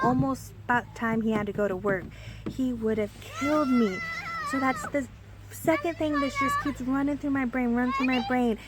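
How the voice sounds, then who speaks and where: A young woman with a fairly high voice rambles through a personal story for her storytime vlog, full of fillers and restarts, over a lot of background noise.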